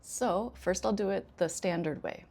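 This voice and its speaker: An American woman, an ESL teacher, explaining intonation in an unhurried way with frequent pauses. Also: mid-range voice, darkish tone, slightly rough. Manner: unhurried, many 'um' pauses, demonstrates intonation examples. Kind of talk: casual instructional talk.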